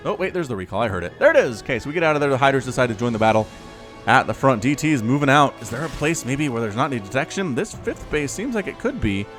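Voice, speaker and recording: A man calls a strategy match on his own, chatting between plays and yelping up high when the action heats up. His voice swoops animatedly around a middling pitch. Soft music runs faintly beneath him. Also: fast talker. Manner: chatty and excitable, jumps to high-pitched exclamations. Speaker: esports caster. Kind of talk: solo play-by-play game commentary. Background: faint background music.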